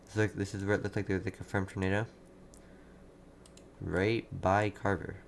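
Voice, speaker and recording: A man with a fairly low voice gives live severe weather commentary, urgent and repeating himself as he answers chat. He sits at a desk mic, and faint keyboard typing clicks along behind him. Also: flat delivery, moderate pace, creaky, slight background noise. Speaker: livestream weather host.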